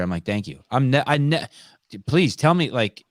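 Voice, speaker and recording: A man's voice: mid-range voice, expressive, moderate pace, no echo. A man in his fifties hosting a podcast, telling stories bluntly and swearing often in casual interview chat. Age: 50s. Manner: profane, blunt storytelling. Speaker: podcast host.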